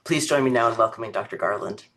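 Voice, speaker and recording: A man hosting a lecture series who reads out a formal introduction for the guest speaker, pausing often with ums and uhs. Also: lowish voice, fairly bright tone.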